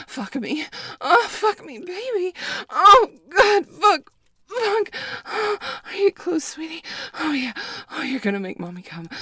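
A woman's voice: a little high, dry recording. A woman performing an adult audio role-play as a possessive, doting character, speaking breathily with moans and whispered stretches. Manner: breathy, moaning, partly whispered.

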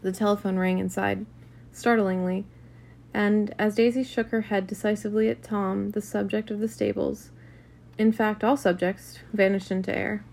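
A woman's voice: mid-range voice, flat delivery, normal speed, gravelly, darkish tone. A woman reading a classic novel aloud in a casual, unpolished way, with occasional restarts and asides. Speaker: reader.

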